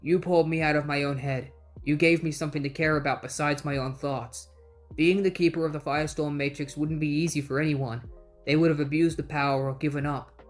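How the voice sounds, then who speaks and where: A man voicing an older male professor, speaking softly and calmly with a tender, fatherly manner. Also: on the high side, lightly acted. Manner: soft, calm and tender.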